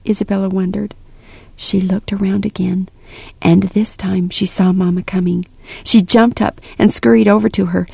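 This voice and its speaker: A woman narrating a storybook in an even, measured reading voice. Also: mid-range voice, vocal fry, dry recording, clean studio sound. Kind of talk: storybook read-aloud narration.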